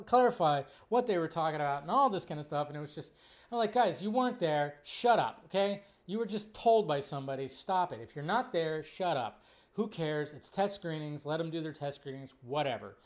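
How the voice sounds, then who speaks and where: A man hosting a casual live movie news stream, ranting incredulously, with profanity. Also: sits high. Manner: animated, incredulous rants with profanity.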